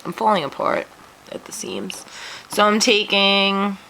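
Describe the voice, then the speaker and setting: A woman's voice: medium pitch, lively intonation, a little slow, vocal fry, sharp tone, slight background noise, low-quality recording. A woman hosting a craft tutorial, walking through each step in a chatty, self-deprecating way while sniffling. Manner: chatty, self-deprecating, talks through her hands-on work.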